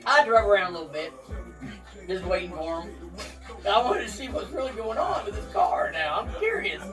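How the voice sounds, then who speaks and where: Guy telling wild stories, cussing and cracking up, mic far off, some music low behind. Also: very animated, moderate pace. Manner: profane, laughs through his stories. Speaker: interviewee. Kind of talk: casual storytelling. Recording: distant mic with faint music.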